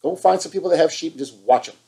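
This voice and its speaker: A man's voice: on the high side, fast talker, warm tone, poor audio. Fired-up man preaching. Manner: fired-up, scolding, emphatic repetition. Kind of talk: impassioned online sermon.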